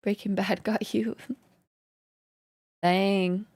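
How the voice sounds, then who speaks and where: A woman chats casually with her stream viewers, greeting each one and laughing often. Her voice sits at an ordinary pitch and runs a little hoarse. The sound is close and dry, with no room around it. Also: little pitch movement, extremely slow, darkish tone, dry recording. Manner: chatty, laughs often, answers chat. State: slightly hoarse, losing her voice. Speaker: live streamer. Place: home in Canada.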